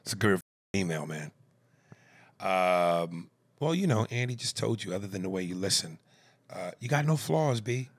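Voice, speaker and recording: A man co-hosting a podcast, reading a fan email aloud in casual chat, animated and jumping into loud high bits. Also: normal speed, pauses often, no echo. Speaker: podcast co-host.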